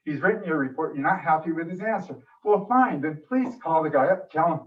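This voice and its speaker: A man's voice: fairly high pitch, animated, brisk, few pauses. A man giving an emotional, frustrated public comment at a city meeting. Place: council meeting room. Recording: distant dull room mic.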